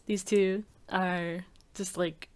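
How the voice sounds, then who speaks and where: A woman's voice: lowish voice, flat delivery, slow, darkish tone, clean tone. A woman rambling casually in a commentary video, filling her talk with frequent "like"s. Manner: rambling, heavy use of "like" fillers. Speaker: video creator.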